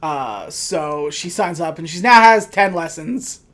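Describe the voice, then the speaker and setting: A woman's voice: deep voice, animated, measured pace, fairly bright tone. A woman co-hosting a podcast, recapping a movie in casual chat with dry, sarcastic asides. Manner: recounts scenes by acting out quoted lines.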